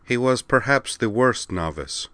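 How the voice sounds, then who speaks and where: A man voicing a refined, polite female alien diplomat in a gentle, measured, formal way for a read-aloud story. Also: medium pitch, animated, no room sound, voice pushed up.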